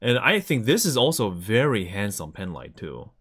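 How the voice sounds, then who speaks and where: A man's voice: fairly low pitch, very animated, normal speed, fairly bright tone. A man chatting casually on a live stream, enthusiastically showing items to the camera.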